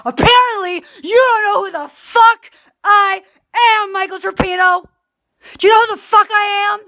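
A woman's voice: on the high side, sing-song, measured pace, fairly bright tone. A woman voicing a furious, entitled woman who screams and swears while demanding money, near tears. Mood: screaming rage.

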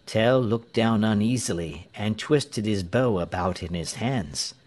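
Guy reading a story for english learners, really slow, lowish voice. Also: darkish tone.

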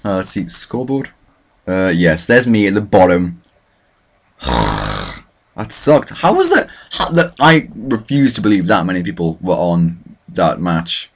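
A man's voice: low voice, very animated, a little slow, gravelly. A young man hosting a let's play, commentating his own matches with self-mocking, mock-boastful trash talk. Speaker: gaming channel host.

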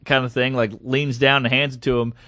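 A man's voice: mid-range voice, brisk, no room sound, clean studio sound. A man telling stories on a casual comedy podcast, acting out the people in them as he goes. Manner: animated storyteller acting out quotes.

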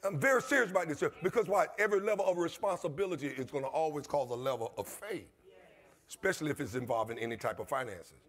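A man's voice: fairly high pitch, animated, fast, fairly bright tone. A man pastor, preaching a passionate sermon in his church with call-and-response and repetition. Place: church sanctuary.

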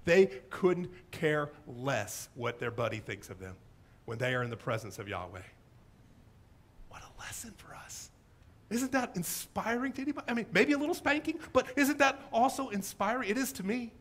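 Animated male pastor preaching. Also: high-pitched, brisk. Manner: animated storytelling, acting out quoted voices. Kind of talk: sermon. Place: church sanctuary.

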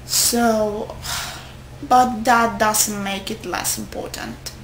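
A young woman vlogging casually to her friends, rambling and excitable, often stopping to correct herself. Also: mid-range voice, drawn-out words, a little hiss or hum. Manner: rambling, excitable, with self-interruptions. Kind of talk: casual chat to camera. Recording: echoey room.

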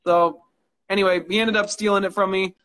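A man's voice: sits high, level tone, a little fast, fairly bright tone. A man in casual interview chat, telling rambling stories with swearing and frequent laughs, talking into a phone on a live stream. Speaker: guest knife maker.

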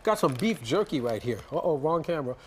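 A man's voice: fairly high pitch, animated, a little fast, noisy background. Upbeat male morning news anchor. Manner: folksy and upbeat, frequent restarts and "mm-hmm"s. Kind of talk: live morning TV segment, chatty interview. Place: TV news studio.

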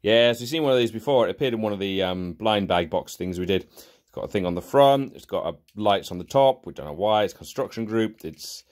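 A young man talks through a casual toy review in a sarcastic, exasperated way. His pitch jumps around a lot as he grumbles and scoffs. The talk is loose, off the cuff commentary. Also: expressive, brisk, a little mellow.

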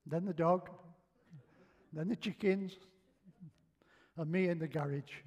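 A man's voice: high voice, vocal fry. Older Northern English man telling jokes from the pulpit. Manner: chatty, self-mocking, acts out shouted lines. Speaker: preacher. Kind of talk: humorous sermon storytelling. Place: church hall.

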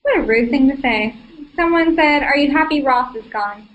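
A young woman with a high voice chats through a live question-and-answer stream, stumbling over fillers and laughing easily. The recording is a low-quality stream copy. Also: fairly quick, highs cut off. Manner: chatty, filler-heavy, giggly. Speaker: livestream host. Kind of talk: casual live Q&A.

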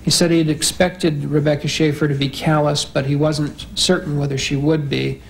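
A male psychiatrist testifies in court in a careful, clinical way. His voice is gravelly and flat, with little rise or fall, and faint room noise sits behind him. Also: a little high, normal speed, low-quality recording. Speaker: psychiatrist, expert witness.

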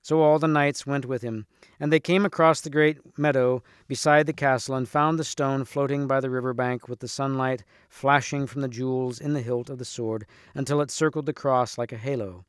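A man's voice: medium pitch, moderate pace, no room sound, clean studio sound. Man reading a storybook aloud. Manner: steady, clear narration with occasional restarts. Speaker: reader.

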